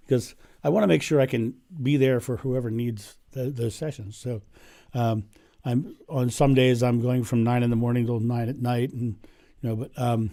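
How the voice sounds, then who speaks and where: A hoarse man with laryngitis hosting a casual livestream from home, chatting and laughing often into his microphone. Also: medium pitch, dark tone. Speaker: livestream host. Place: home in Ohio. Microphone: microphone turned up.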